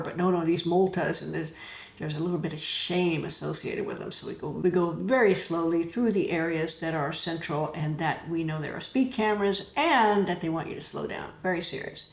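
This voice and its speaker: A woman's voice: fairly low pitch, brisk. A woman hosting a travel vlog, telling chatty stories and laughing now and then. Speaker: travel channel host. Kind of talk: casual talking-to-camera vlog. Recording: echoey room.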